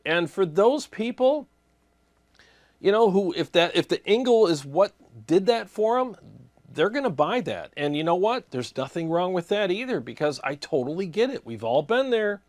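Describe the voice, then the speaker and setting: A man's voice: high-pitched, expressive, normal speed, a little mellow, no room sound. A man hosting a guitar gear channel, answering viewer comments in a casual, rambling way with many fillers and restarts.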